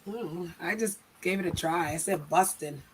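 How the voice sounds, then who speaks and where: An American woman hosting a live stream, loud and laughing, swearing freely and bossing her friends into a game. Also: on the low side, fairly quick, slight background noise. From United States. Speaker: streamer host. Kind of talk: casual stream banter.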